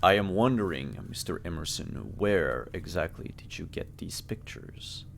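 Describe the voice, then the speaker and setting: A man's voice: deep voice, animated, a little slow, vocal fry, slight background noise, exaggerated voice. A man voicing a smug male corporate executive who speaks in a cold, condescending way during a tabletop game. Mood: probing.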